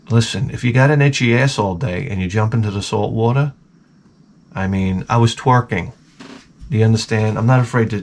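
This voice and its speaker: A man hosting a comedy podcast, telling crude stories in a rambling, profane, deadpan way. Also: lowish voice. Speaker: podcast host.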